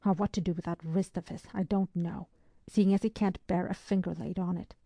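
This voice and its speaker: Woman narrator as a fussing, chatty old housekeeper-nurse; low, mellow and dry storybook read. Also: steady tone, a little fast, creaky, dry recording. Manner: talkative, fussing.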